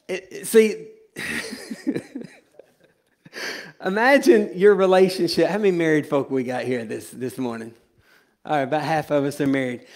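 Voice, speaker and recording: A man preaching from the pulpit in a high, ringing voice. He rises to loud, drawn-out declarations, then drops low and quick for playful asides to his congregation. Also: animated. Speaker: pastor. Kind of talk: sermon. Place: church sanctuary.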